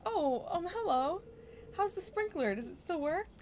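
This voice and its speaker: Timid young female farmer, high and meek, hesitant delivery; a woman voicing her while reading game dialogue. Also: lively intonation, a little slow, darkish tone, a little hiss or hum.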